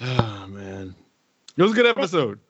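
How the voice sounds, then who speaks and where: A man's voice: mid-range voice, very animated, normal speed, slightly rough, no room sound. A man co-hosting a podcast, chatting about music in a laid-back, wry way. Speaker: podcast co-host. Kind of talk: casual music chat. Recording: dry, dull lo-fi recording.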